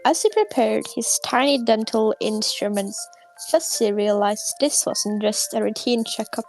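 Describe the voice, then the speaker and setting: A woman reading a children's bedtime story aloud in turns, soft-spoken, a little shy and giggly, with soft music behind her. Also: on the high side, animated, measured pace, poor audio. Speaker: storybook reader.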